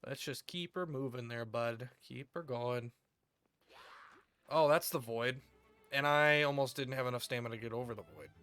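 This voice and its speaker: A man's voice: medium pitch, moderate pace, a bit bright, clear, resonant tone, no echo, soft background music. A man streaming a game, chatting casually with crude jokes and rambling asides. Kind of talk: casual gameplay commentary.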